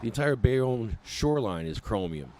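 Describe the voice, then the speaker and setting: A man's voice: mid-range voice, very animated, moderate pace, darkish tone, a little hiss or hum. A man ranting with sarcasm as a cannabis patient activist, livestreaming from an outdoor protest on his phone.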